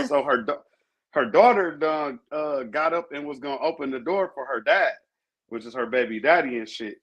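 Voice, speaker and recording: A man co-hosting a podcast, telling profane, animated stories and acting out what people said. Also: a little high, fairly quick, husky. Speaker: podcast co-host. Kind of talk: casual chat, storytelling.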